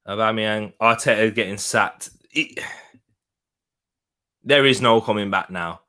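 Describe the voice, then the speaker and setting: A man's voice: on the low side, measured pace, sharp tone. A man hosting a live football watch-along, talking in an exasperated, rambling way and repeating himself.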